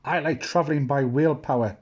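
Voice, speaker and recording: A man's voice: fairly high pitch, brisk, slightly rough, muffled recording. A man voicing a fussy male pirate who whines and complains. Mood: whiny. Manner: whining.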